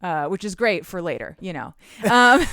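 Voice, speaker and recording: A woman's voice: fairly low pitch, no room sound, clean studio sound. A woman podcast host recapping a romance novel in casual chat, chatty, swearing freely and laughing often.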